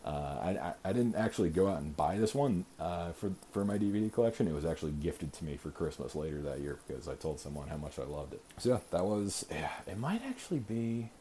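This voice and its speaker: A man in his thirties hosts a podcast and talks through a movie review off the cuff. His voice sits low and dark, and he fills his sentences with "uh" and restarts. A faint hiss runs under the recording. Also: animated, brisk, hardly any pauses. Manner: rambling, frequent "uh" fillers and self-repeats. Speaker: podcast host. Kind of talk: casual movie review monologue.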